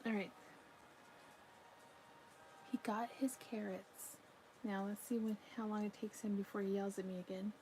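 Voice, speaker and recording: Woman, casual live-stream chat, mellow voice, faint background hiss, at home. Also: mid-range voice, fairly even intonation, normal speed, pauses often, poor audio. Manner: chatty, yawning, talks to her pet between comments. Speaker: livestream crochet crafter.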